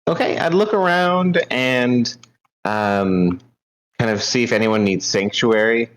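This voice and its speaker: A man's voice: medium pitch, clean tone, poor audio. A man playing a tabletop game, talking casually and hesitantly. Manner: hesitant, many pauses. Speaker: player.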